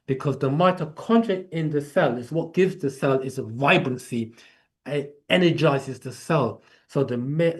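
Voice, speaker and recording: A man with an English accent hosting a live online class in a chatty, rambling way. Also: fairly high pitch. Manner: chatty, rambling, laughs easily. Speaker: class host. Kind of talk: casual live class talk.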